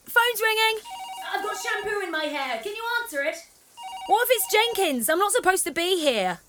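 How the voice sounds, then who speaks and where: An actress playing a carefree young woman, breezy and hurried, heard from across a room. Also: very high voice, big pitch swings, background noise.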